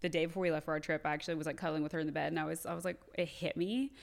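A woman's voice: deep voice, fairly even intonation, rapid-fire, vocal fry. Candid mom in her thirties. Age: 30s. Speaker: podcast co-host, mother. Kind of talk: casual chat.

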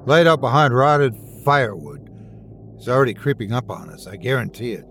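A man voicing a gruff older hunter who talks in short, tense bursts while scared. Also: medium pitch, lively intonation, moderate pace, a bit bright, slight background noise.

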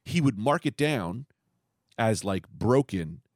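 A man's voice: lowish voice, takes it slowly, no room sound, studio quality. A young man telling long, profane stories in casual chat, acting out the voices of the people in them. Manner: rambling, profane, animated storyteller who acts out quotes.

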